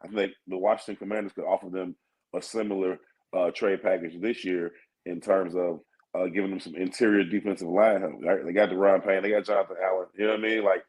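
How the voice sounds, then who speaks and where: Male sports radio co-host, lowish voice, easygoing, filler-heavy delivery. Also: fairly even intonation, fast talker, a little mellow, poor audio. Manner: laid-back, thinks aloud with many fillers. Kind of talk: casual sports talk.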